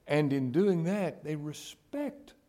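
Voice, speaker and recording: A man preaching a sermon, dropping to hushed whispers and rising to raised exclamations. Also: on the high side, sing-song, slow.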